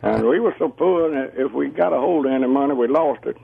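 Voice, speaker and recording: A man calling in to a radio show, talking slowly and chuckling. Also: mid-range voice, creaky. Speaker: caller. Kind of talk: phone call-in chat. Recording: muffled phone line.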